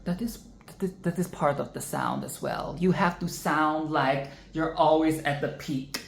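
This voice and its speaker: A woman hosts a relaxed vocal lesson in an unhurried, slightly low voice, and she keeps stopping herself mid-thought. She slips into sung and exaggerated demonstrations as she goes. The room around her sounds echoey. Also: gravelly. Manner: chatty, self-interrupting, breaks into sung and exaggerated demonstrations. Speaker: singing tutorial host.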